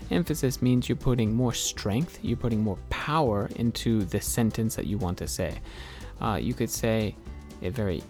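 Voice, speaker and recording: A man of ordinary pitch talks through vocabulary like a casual English lesson. He speaks loosely, with plenty of filler words and small rants, while a faint guitar plays quietly underneath. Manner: relaxed, chatty, ranting with filler words. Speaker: English teacher.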